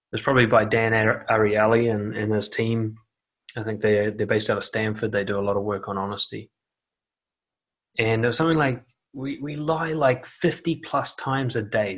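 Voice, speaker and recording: A man's voice: on the low side, a bit bright. Man, dating coach, blunt, curses casually, mimics others, sitting indoors. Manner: blunt, swears casually, acts out quoted voices. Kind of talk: casual advice monologue to camera. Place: seated indoors on a noisy chair.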